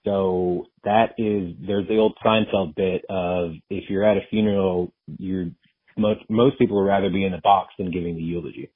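A man's voice: low voice, fairly even intonation, moderate pace, husky, no echo. A man hosting a casual podcast interview, affirming and appreciative toward his guest. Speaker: podcast host. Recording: dry, phone-like narrow-band audio.

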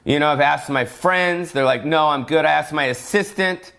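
A man's voice: fairly high pitch, moderate pace, creaky, fairly bright tone. A middle-aged male comedian ranting alone, profane and rambling, full of fillers and tangents. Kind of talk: solo comedic rant.

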